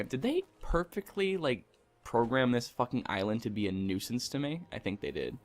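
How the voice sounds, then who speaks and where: A man's voice: mid-range voice, very animated, normal speed. A young man hosting a gaming channel, chatting casually and ranting with lots of swearing while he plays. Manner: ranting, profane, rambling. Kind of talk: casual let's-play commentary.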